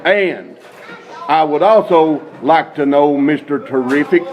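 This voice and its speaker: A man's voice: on the high side, slow, dull audio, a faint crowd. A man being interviewed as a wrestler, talking in a brash, hyped wrestling-promo style.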